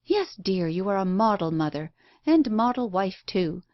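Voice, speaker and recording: A woman voicing a brusque, blunt, impatient unmarried woman who talks in a sharp, scolding way. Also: medium pitch, sing-song, a little slow, no echo, highs cut off.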